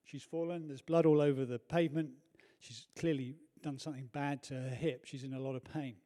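A man preaching a sermon in a church, telling a personal story earnestly, moving from hushed to loud. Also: mid-range voice, fairly even intonation, brisk.

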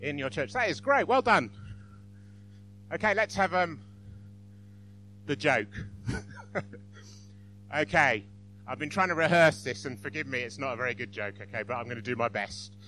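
A man's voice: mid-range voice, expressive, normal speed, pauses often, pushed and bright, a little hiss or hum. A man giving an informal church talk, self-deprecating and apologetic with frequent chuckles. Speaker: church speaker.

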